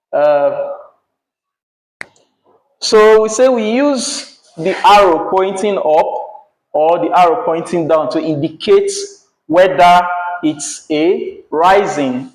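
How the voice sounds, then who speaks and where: Brief: Nigerian English male teacher, slow and patient, higher pitch, echoey classroom. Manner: slow, patient, repeats key words. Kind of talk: classroom lesson.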